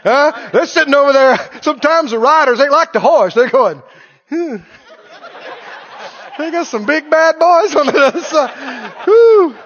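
A male pastor preaching an animated sermon, laughing often and drawing his words out. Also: very high-pitched, moderate pace, few pauses, muffled recording.

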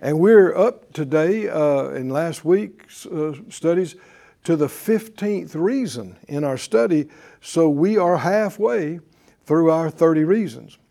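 High, mellow-voiced preaching man. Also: animated, takes it slowly, gravelly. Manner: emphatic call-and-response preaching. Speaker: pastor. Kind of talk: sermon. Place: church before a live congregation.

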